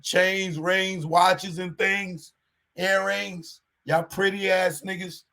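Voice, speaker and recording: A man hosting a show, giving a casual commentary monologue in animated street talk and repeating his warnings. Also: sits high, slow, vocal fry. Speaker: show host.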